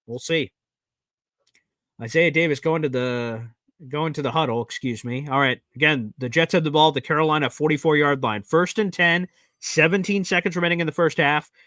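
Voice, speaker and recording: Bright-voiced man calling a game live. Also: a little high, no room sound. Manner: exasperated, swears at bad plays. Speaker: play-by-play host of a watch party stream. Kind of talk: live play-by-play commentary.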